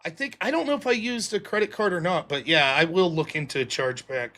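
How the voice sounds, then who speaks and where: A man's voice: a little high, fast talker, pushed and bright. A man hosting a livestream, chatting in a sarcastic, rambling way full of swearing while reading out donations. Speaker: show host.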